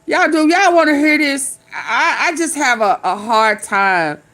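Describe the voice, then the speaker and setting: A woman's voice: high voice, expressive, a little slow, a bit bright. A woman hosting a livestream, chatting casually with her viewers, drawling, laughing and swearing as she reacts. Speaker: livestream host. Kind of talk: casual commentary to live chat.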